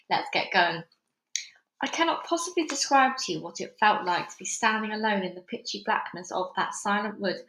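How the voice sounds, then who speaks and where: A woman's voice: mid-range voice, a bit bright, slight background noise. A woman at home reading a children's book aloud as narrator, casual and chatty between chapters. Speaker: read-along narrator. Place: busy house. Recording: echoey room at home.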